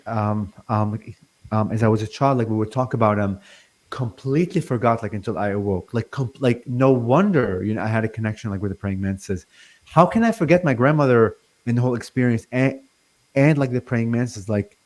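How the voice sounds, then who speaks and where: Man, 40s, from Lebanon; interview guest; halting, stuttering delivery full of fillers. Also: medium pitch, a little mellow. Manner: stutters, many fillers and restarts. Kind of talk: casual interview talk.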